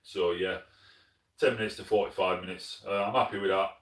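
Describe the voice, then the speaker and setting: A friendly South Yorkshire man with a deep, low voice chats through viewer comments on a live stream. He is plain-spoken and keeps calling people mate. He sits some way from the mic in an echoey room. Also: steady tone, fairly quick, recorded from a distance. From Sheffield, South Yorkshire, England. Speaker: hunting channel host.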